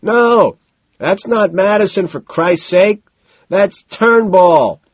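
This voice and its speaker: A desperate young banker yelling over the din of a nightclub, as a man puts him on in a storybook reading, his voice pushed high and strained. The take sounds dull and dry, with a husky edge. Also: lively intonation, slow pace, dry recording, exaggerated voice. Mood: frantic shouting. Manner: shouting over loud club music. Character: frantic young male Wall Street yuppie.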